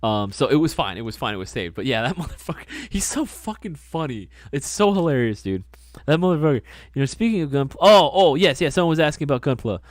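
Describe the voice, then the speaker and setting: A man hosting a livestream, chatting casually and rambling through stories with lots of swearing and excited gushing. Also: fairly high pitch, quick pace, no echo, studio quality. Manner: profane, rambling storyteller; excitable, gushing about hobbies. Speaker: livestream host.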